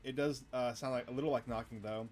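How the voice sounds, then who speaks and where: A man's voice: medium pitch, steady tone, quick pace, a little mellow, a little hiss or hum, natural voice. A man voicing a small-town miner in a visual novel, talking in a folksy, offhand way. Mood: dismissive. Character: gruff small-town male miner, dismissive.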